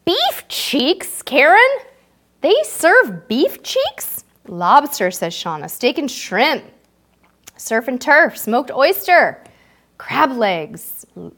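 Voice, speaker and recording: A woman hosting a casual livestream, chatting brightly and reading out viewer comments with frequent laughs. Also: a little high. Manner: bubbly, reads viewer comments aloud, laughs often. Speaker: livestream host.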